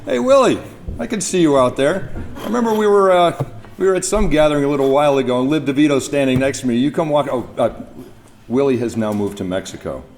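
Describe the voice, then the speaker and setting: A man's voice: mid-range voice, lively intonation, fast. Guy telling funny stories at a memorial, mic speech, noticeable hiss behind. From New Brunswick, Canada. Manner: storytelling, chuckling, imitates others. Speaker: speaker at a memorial event. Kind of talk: anecdotal speech at a podium. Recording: mic speech with background noise.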